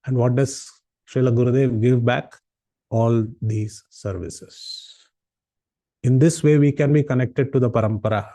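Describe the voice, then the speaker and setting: A man's voice: mid-range voice, steady tone, measured pace, dark tone, no room sound. Man, devotional lecture, earnest storyteller, dry close sound. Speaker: devotional class speaker. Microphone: online call.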